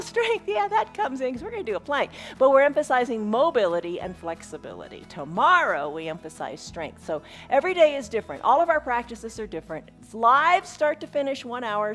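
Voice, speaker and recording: Upbeat, lilting woman yoga instructor. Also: fairly high pitch. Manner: encouraging, upbeat, laughs between cues. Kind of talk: live online yoga class instruction.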